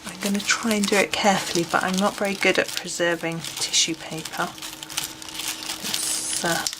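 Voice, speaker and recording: A woman reviewing a colouring book in a casual flip-through. She speaks gently and hesitantly, with many ums, and sometimes drops almost to a whisper. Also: lowish voice, normal speed. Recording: steady background noise.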